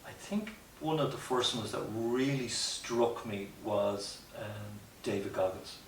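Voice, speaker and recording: Man, podcast guest, earnest storytelling, low-ish voice, roomy sound, faint hiss. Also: slow, distant mic. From Ireland. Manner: reflective, earnest, many restarts and "you know" asides. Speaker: guest, mountaineer. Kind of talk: conversational storytelling interview.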